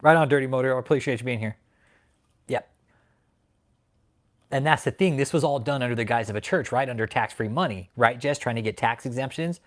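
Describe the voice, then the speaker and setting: A man hosting a livestream who rants angrily with heavy swearing, swinging between loud outbursts and low grumbling while he reads out chat names. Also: a little fast, pauses often. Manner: angry, profane ranting. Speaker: channel host. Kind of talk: livestream commentary, reading chat.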